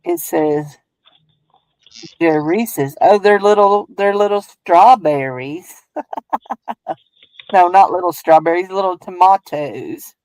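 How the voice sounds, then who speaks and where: A woman's voice: on the low side, slow pace, long pauses, darkish tone, dry recording, rough recording. Folksy Southern woman streaming her crafts. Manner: rambling, folksy, laughs often. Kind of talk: casual chat while crafting.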